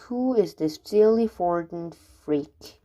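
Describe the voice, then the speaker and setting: A woman's voice: on the low side, expressive, slow, warm tone. A woman doing Daisy, a feisty indignant cow.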